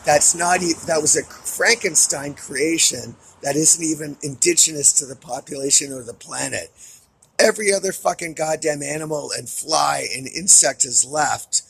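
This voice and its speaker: A man's voice: fairly high pitch, normal speed, creaky, a bit bright, husky, no echo, low-quality recording. A man giving a weekly update to camera in an angry, profane rant. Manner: furious, profane ranting.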